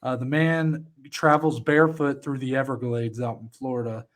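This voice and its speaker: A man's voice: mid-range voice, flat delivery, moderate pace. A man co-hosting a podcast, bantering and joking in casual chat. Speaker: podcast co-host.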